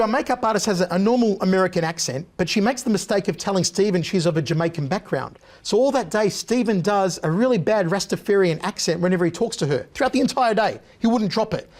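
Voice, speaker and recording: A man, a guest on an interview show, telling animated anecdotes in a punchy, casual way. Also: sits high.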